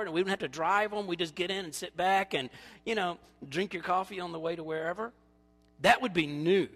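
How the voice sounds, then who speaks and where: A male pastor preaching a sermon, animated and storytelling, acting out quoted voices, then dropping to quiet appeals. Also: high voice, long reverb tail.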